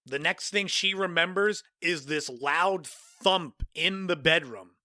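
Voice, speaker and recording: A man's voice: on the high side, takes it slowly, bright, forceful tone, no room sound, clean studio sound. A man in his forties from Cape Cod, Massachusetts, hosting a podcast and telling a personal story in a conversational way, with offhand asides. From Cape Cod, Massachusetts, USA. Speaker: podcast host.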